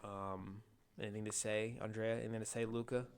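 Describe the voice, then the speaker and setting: A man's voice: fairly low pitch, little pitch movement, fairly quick, a little hiss or hum. Rowdy, profane young male podcast host. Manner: rowdy, profane, rambling with repeated restarts. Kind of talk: casual chat.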